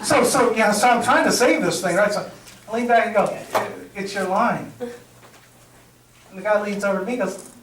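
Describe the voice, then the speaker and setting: A man's voice: high-pitched, normal speed, pauses often, heavy background noise. A middle-aged man leading a live presentation skills workshop, telling stories to the room and acting out the dialogue with laughs. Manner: energetic storyteller, acts out dialogue, laughs at own jokes. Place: meeting room with audience. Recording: roomy sound from a distance.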